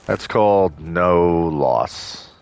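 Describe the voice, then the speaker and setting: Brief: deep-voiced male let's-play host, loose rambling gameplay chatter. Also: very slow, gravelly, a little mellow, smooth, dry recording. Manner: rambling, full of fillers and restarts. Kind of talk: casual gameplay commentary.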